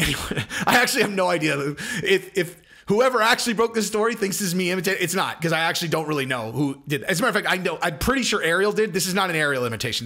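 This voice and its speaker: Animated, bright-voiced male commentator. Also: on the high side. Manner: emphatic, repeats points, frequent "okay?" and "like". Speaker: channel host.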